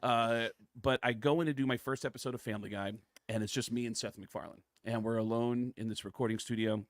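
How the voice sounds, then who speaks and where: A middle-aged man, a comedian and voice actor, telling stories in an interview, excitable and acting out the voices of people in them. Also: medium pitch, fast, no echo, clean studio sound. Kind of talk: casual interview storytelling.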